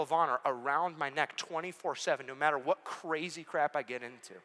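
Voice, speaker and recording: A man's voice: on the high side, a little fast, fairly bright tone. A man preaching a sermon as pastor, earnest and building to emphatic repeated questions. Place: large church auditorium. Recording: echoey church hall.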